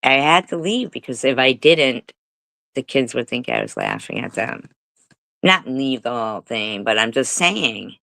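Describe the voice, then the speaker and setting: Woman, middle-aged, casual storyteller, slow and unhurried, dry close sound, laughs and swears. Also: extremely low pitch, big pitch swings, creaky, a bit bright, dry recording, rough recording. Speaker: livestream host. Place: home livestream.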